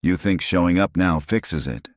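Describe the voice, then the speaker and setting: A man's voice: sits low, moderate pace, dry recording, clean studio sound, voice pushed up, lightly acted. A man voicing a hurt, angry young mother of triplets who speaks sharply and bitterly. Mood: guarded.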